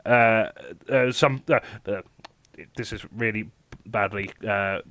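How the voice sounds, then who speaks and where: A man's voice: on the low side, takes it slowly, a bit bright, dry recording. A British man hosting a comedy panel game over a stream, chatty and laughing, often trailing off into mumbles. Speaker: quizmaster.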